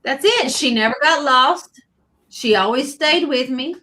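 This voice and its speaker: A woman's voice: sits high, animated, unhurried, bright, forceful tone. A middle-aged woman co-hosting a live sale, chatting casually in a plainspoken, emphatic way. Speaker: co-host of live vintage sale. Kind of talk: casual chat.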